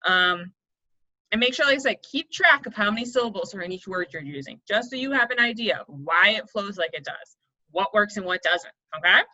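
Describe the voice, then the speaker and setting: A woman's voice: mid-range voice, lively intonation, fairly quick, pushed and bright. A young woman coaching kids through an online poetry lesson, explaining step by step and checking in often. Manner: encouraging, explains step by step, checks in with "right?" and "okay?". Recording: dull lo-fi sound.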